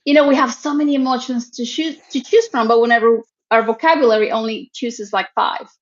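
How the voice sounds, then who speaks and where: A fairly high-pitched woman talks warmly and affirmingly, with many "you know" fillers. The audio is slightly muffled and lo-fi. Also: fairly quick. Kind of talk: casual conversation. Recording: dull lo-fi sound.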